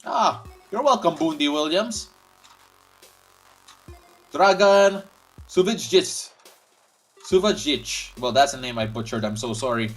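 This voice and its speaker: A man's voice: fairly high pitch, lively intonation, slow pace, pauses often, soft background music. A man hosting a live basketball watch-along stream, calling the action casually and reading viewer comments aloud. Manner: chatty, reads viewer comments aloud, frequent restarts. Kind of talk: casual play-by-play and chat reading.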